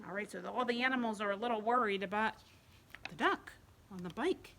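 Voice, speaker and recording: A woman reading a picture book aloud at a library storytime for young children, pausing to ask them questions. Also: medium pitch. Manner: gentle, asks children questions while reading. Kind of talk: bedtime storytime read-aloud. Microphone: home video recording.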